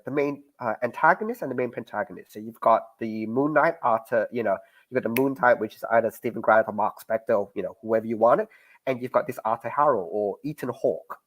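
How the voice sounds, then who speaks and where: A man chats loosely on a podcast, his voice sitting at an ordinary middle pitch. He talks with animation and laughs often between points. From Australia. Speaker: podcast host. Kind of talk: casual chat about a TV series.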